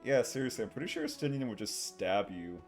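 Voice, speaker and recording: A man's voice: fairly low pitch, animated, fast, faint music behind. Laid-back male game streamer. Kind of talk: live game stream commentary.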